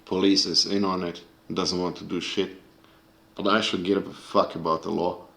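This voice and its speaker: Deep-voiced man ranting angrily, echoey room. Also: little pitch movement, normal speed, vocal fry, fairly bright tone. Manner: angry, profane, searching for words. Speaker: video creator. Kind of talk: casual rant to camera.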